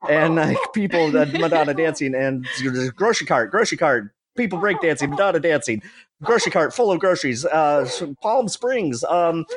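A man's voice: on the high side, expressive, a crowd in the background. Brief: male comedy regular, frantic play-by-play, stammering, exasperated. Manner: rushed, stammering, exasperated, swears and laughs. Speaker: show regular. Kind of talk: frantic live description of a music video.

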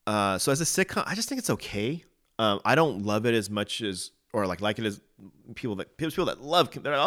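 A man with a fairly low voice talks through a casual podcast chat as co-host. He hesitates and restarts his sentences often, yet states his opinions firmly. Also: lively intonation, fairly quick, fairly bright tone.

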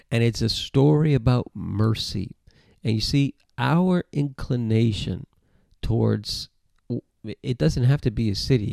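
Male preacher, gravelly and mellow, conversational sermon delivery with restarts, dry close sound. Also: medium pitch, no echo. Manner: conversational, repeats words and restarts. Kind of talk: sermon-style Bible teaching to camera. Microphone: camera mic, close.

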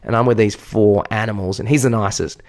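A man's voice: lowish voice, fairly even intonation, a little fast, a little mellow. An Australian man, a podcast co-host and part-time teacher, telling a rambling, self-mocking story in casual chat and swearing freely.

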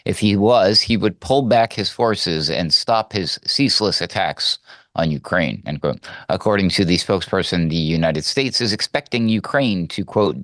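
Dry, sarcastic low-voiced man. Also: a bit bright, dry recording. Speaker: co-host. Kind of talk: reading and commenting on news.

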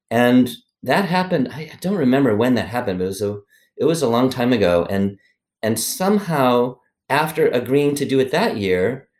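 A man's voice: medium pitch, a little mellow. A middle-aged man, a former organization president, answering interview questions in a rambling, self-deprecating way with many fillers and restarts. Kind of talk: conversational podcast interview.

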